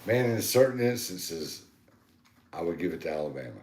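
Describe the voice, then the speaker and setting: A man's voice: low-pitched, sing-song, moderate pace, a little mellow, roomy sound. A man with a Southern accent from North Carolina, co-hosting a podcast in casual chat, rambling with many fillers. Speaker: podcast co-host.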